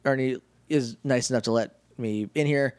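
A man's voice: mid-range voice, moderate pace, smooth, no echo. A man co-hosting a podcast, recapping an episode in casual chat, rambling, laughing often and acting out the characters' lines. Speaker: podcast co-host.

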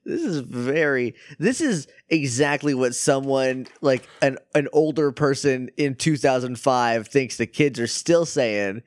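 A man's voice: medium pitch, animated, unhurried, few pauses, no room sound. A man co-hosting a podcast, laid-back and cracking dry jokes in casual chat. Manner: laid-back, dry wisecracks, laughs often. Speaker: podcast co-host.

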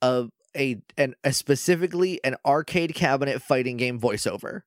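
A man co-hosting a casual podcast, recapping a show with quick, animated impressions of the characters. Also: mid-range voice, no echo, studio quality. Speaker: podcast co-host.

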